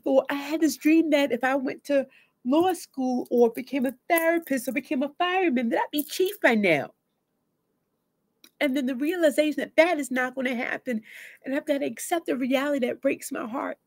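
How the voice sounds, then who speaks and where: A woman therapist with a fairly high voice talks to camera in a loose, conversational way, dropping casual slang. She acts out people's inner voices, swinging between loud bursts and quiet asides. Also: moderate pace. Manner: animated, acts out inner voices with sudden swings in pitch and loudness. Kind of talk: talking to camera about grief and letting go.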